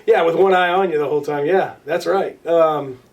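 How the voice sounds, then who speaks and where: A recording artist appears as an interview guest, telling stories casually in a voice a little high for a man, captured from some distance off the mic with dull audio. He rambles, restarts sentences, fills pauses and swears offhandedly, loudly acting out other people's lines when he quotes them.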